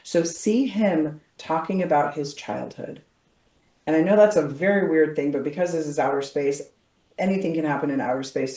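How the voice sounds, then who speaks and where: A woman tapping coach, calmly directing and leading a guided visualization. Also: fairly low pitch. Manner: calm, directive, guiding visualization. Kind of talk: guided healing session. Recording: roomy echo, distant from mic.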